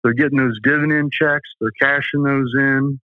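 A man's voice: mid-range voice, fairly even intonation, moderate pace, no room sound. A man with a Southern US accent, a safety company owner telling folksy, emphatic stories as an interview guest. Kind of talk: interview talk. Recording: tinny phone-like line.

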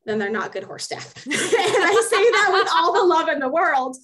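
A woman's voice: extremely high pitch, sing-song, moderate pace, a bit bright, slight background noise, low-quality recording. A young adult woman co-hosting a casual podcast, talking emphatically, laughing often and repeating words as she thinks. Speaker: podcast co-host, horse program specialist.

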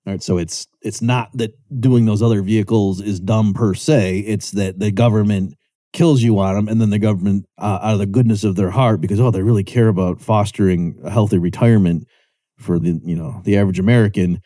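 Brisk, steady, and warm in tone, this man's economics lecture comes through in clean studio sound with no room sound. He keeps it conversational, peppering in a rhetorical "right?" and mimicking quoted voices with a raised pitch.

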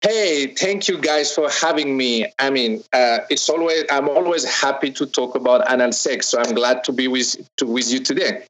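A man with a strong French accent, a native French speaker, explaining carefully as a guest in an interview and pausing often. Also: medium pitch, fairly bright tone, low-quality recording. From France. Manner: careful, explaining step by step with many pauses. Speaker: guest, sex toy maker.

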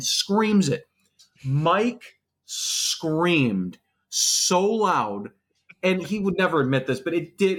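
A middle-aged man with a fairly high voice tells a chaotic anecdote in relaxed conversation. He swears freely and jumps into the voices of everyone in the story. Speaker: podcast guest, former special effects artist. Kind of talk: casual storytelling chat.

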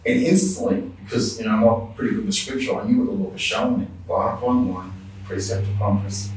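Guy telling his faith story, sincere, kinda low voice, lots of room echo. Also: huge pitch swings, fast, few pauses, slight background noise. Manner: earnest, heartfelt storytelling with restarts. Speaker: guest sharing testimony. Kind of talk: personal faith testimony, conversational. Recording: roomy echo, distant mic.

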